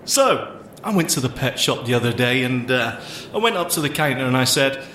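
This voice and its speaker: A man's voice: mid-range voice, very animated, normal speed, bright, forceful tone. A man co-hosting a podcast, teasing his partner and laughing at his own joke. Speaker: podcast co-host. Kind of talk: playful comedy banter and joke telling. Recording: echoey room with faint noise.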